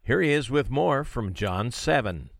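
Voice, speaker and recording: A man announcing a sermon program with a slow, measured delivery. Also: mid-range voice, animated, gravelly, no room sound, clean studio sound. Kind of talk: scripted radio introduction. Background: soft guitar music.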